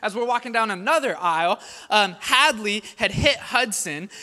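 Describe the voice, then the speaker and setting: A man in his thirties, a pastor preaching a sermon in a conversational, animated storytelling way. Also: sits high, moderate pace. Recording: long hall reverb.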